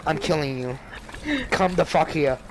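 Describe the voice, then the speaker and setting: Young dude yelling and cussing while gaming, high pitched, faint background hiss. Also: male voice, a little slow, low-quality recording. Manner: loud, profane, laughing trash talk. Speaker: gaming video host. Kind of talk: casual gaming commentary.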